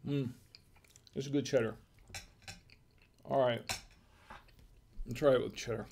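A man's voice: mid-range voice, steady tone, slow pace, creaky, darkish tone, a little hiss or hum. A man hosting a casual wine tasting livestream, musing aloud in a hesitant, chatty way. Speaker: wine review show host.

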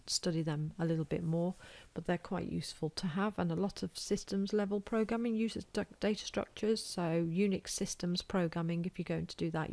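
A British woman lecturing in a loose, informal way, working through examples aloud and making light of her own drawing. Her voice sits low with a gravelly edge. The sound is dry and close. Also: a little mellow, dry recording. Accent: British English. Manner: informal, self-deprecating, thinks aloud while drawing. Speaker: college lecturer. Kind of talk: recorded whiteboard lecture.

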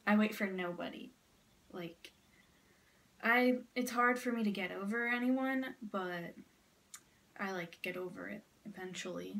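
A woman's voice: mid-range voice, unhurried, vocal fry, pauses often, fairly bright tone, far from the mic, slight background noise. Upset young woman venting, half whispering. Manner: upset, rambling and swearing, often dropping to a near whisper. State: close to tears. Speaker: vlogger. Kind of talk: casual vlog talk to camera. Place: at home in front of a mirror.

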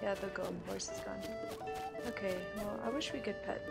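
This let's play gamer is a woman whose mid-range voice carries vocal fry at a moderate pace. Streaming a game, she curses constantly and goes on frustrated rants about it, keeping the commentary casual over loud game music.

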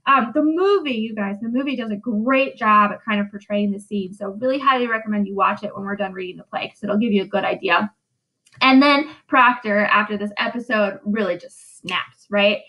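A woman's voice: mid-range voice, moderate pace, pushed and bright, poor audio. A woman English teacher giving a casual, chatty recorded lesson recap, often checking in with "right?".

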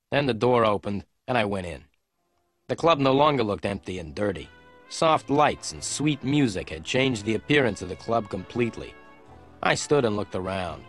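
A man reading a detective story aloud in clear, measured narration for English learners. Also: fairly low pitch. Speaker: audiobook narrator.

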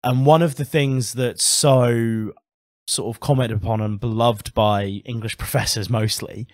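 A man co-hosting a casual podcast, ranting with a sharp, literary edge and plenty of swearing. His voice sits at an ordinary middle pitch, and the close mic gives a dry sound with no room around it. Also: steady tone, measured pace, dry recording. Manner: heated ranting with frequent swearing; articulate, literary turns of phrase. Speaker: podcast co-host.

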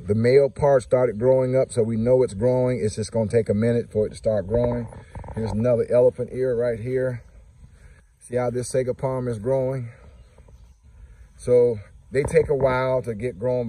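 A homestead vlogger with a medium-pitched, dark voice walks his viewers through his garden plants out in the yard. He keeps it casual and chatty, talking straight to the camera and scolding his ducks along the way.

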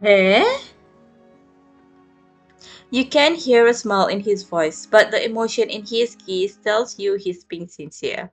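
Soft-spoken woman reading a story. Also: medium pitch, slow pace, pauses often, soft background music. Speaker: narrator and reader of the heroine's lines. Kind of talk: calm second-person story narration.

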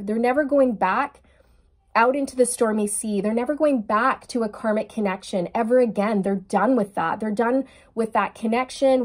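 Gushing woman tarot reader talking to viewers. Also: a little high. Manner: gushing, excitable, speaks straight to viewers. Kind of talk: casual tarot reading to viewers.

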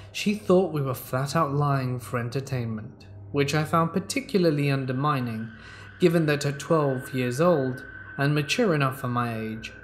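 A man reading a first-person horror story aloud in a calm, measured way, as the narrator of a scary story show. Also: mid-range voice, a little hiss or hum. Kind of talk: scripted narration of horror stories.

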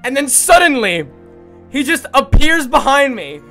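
A young man streaming, telling a story to his chat in a casual, animated way, swearing and using lots of fillers. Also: very high-pitched, unhurried, soft background music. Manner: animated, swearing, frequent fillers, breaks into laughter.

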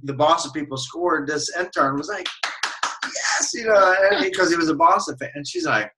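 A man's voice: fairly high pitch, brisk, background noise. A man on a team call telling a story casually, acting out quotes and laughing along. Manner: animated, acts out quoted voices, laughs along.

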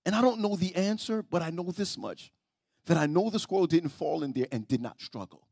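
A man pastor preaching a sermon in a church, telling stories, often repeating and restarting words, and swinging between soft and loud. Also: a little high, brisk, creaky, husky, dry recording, studio quality. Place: church sanctuary.

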